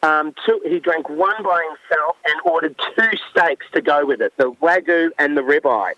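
A man's voice: a little high, moderate pace, pushed and bright, no echo, muffled recording. An Australian man in his forties, a winemaker guest, telling stories in a chatty, enthusiastic way with many fillers. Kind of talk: casual storytelling.

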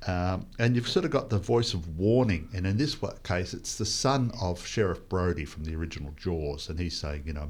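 Deep-voiced rambling male host. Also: animated, moderate pace, few pauses, a little mellow. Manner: rambling, hesitant, full of restarts. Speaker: podcast host reviewing a film. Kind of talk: casual chat.

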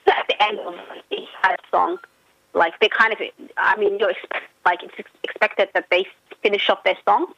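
A woman guest in a casual radio chat, telling stories with lots of fillers and excited jumps in pitch. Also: moderate pace, vocal fry, no echo, low-quality recording. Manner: animated storyteller, many fillers, pitch jumps when excited. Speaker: pop culture guest.

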